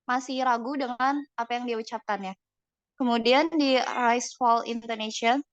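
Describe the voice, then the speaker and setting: A young woman with an Indonesian accent giving a class presentation, reading slides haltingly with fillers. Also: a little high, clean tone, dry recording, highs cut off. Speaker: student presenter.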